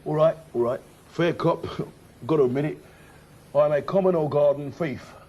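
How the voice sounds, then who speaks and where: A man's voice: fairly high pitch, moderate pace, mellow, natural voice. A man playing a sheepish thief who answers in a hesitant, evasive way. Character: sheepish male thief, caught out.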